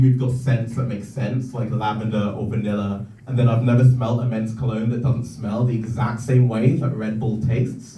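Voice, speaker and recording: A young man performing a stand-up comedy set in a comedy club, telling stories with lively energy that climbs into excited shouts, with audience laughter behind him. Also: mid-range voice, background noise. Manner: animated storytelling, rising to shouts in excitement. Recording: echoey room, heard from a distance.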